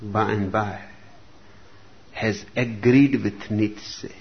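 A man giving a slow, reflective spiritual discourse, speaking deliberately with long pauses between phrases. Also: lowish voice, steady tone. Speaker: spiritual teacher. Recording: dull lo-fi recording with faint room noise.

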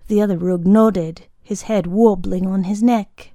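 Woman narrator, storybook reading, slow, mellow, dry close sound. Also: medium pitch, steady tone, no echo.

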